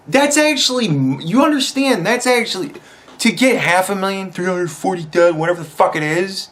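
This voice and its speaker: This podcast host speaks in a high, somewhat bright voice. He delivers profane political commentary as a furious, sneering rant.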